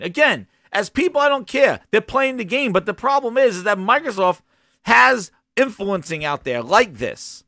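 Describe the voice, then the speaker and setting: A man's voice: sits high, sing-song, normal speed, gravelly, pushed and bright, dry recording, clean studio sound. A man hosting a gaming podcast, delivering a heated, profane rant with mocking impressions. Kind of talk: ranting solo commentary.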